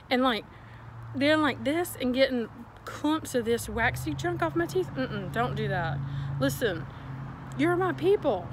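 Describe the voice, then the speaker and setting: A woman ranting casually to her viewers, animated and exasperated, in a folksy storytelling way. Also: a little high, a little hiss or hum, rough recording. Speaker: vlogger. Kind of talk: casual rant to camera.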